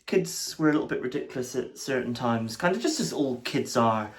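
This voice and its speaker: A male vlogger wanders a busy seaside village after dark, narrating into a handheld camera. His pitch sits in a middle range for a man, and his talk is chatty and rambling, full of repeated words and false starts. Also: animated, a little fast, slightly rough, dry recording. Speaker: vlogger, host. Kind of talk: casual walking vlog commentary.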